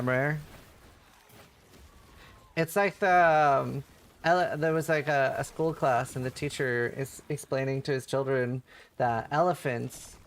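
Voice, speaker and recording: A man streaming, chatting casually and rambling through a funny story with laughs. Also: mid-range voice. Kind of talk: casual livestream chat.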